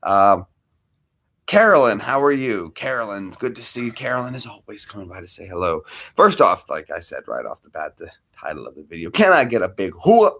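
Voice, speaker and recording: A man's voice: on the low side, lively intonation, brisk, gravelly, bright, forceful tone. A man hosting a casual livestream, greeting viewers by name and talking to his dog between topics. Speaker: livestream host.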